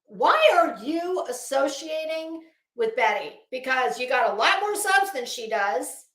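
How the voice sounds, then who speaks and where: A woman's voice: high voice, expressive, a little slow, fairly bright tone, echoey room. A woman hosting a casual livestream, talking straight to her chat in a chatty, opinionated way. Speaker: livestream commentary host. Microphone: phone.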